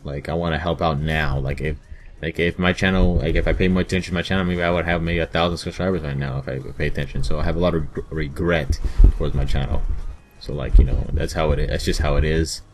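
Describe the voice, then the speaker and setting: A young man with a very low voice talks casually to his viewers as a gaming vlogger. He rambles and restarts often, halting between thoughts. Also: fairly even intonation, noisy background. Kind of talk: casual vlog talk to viewers.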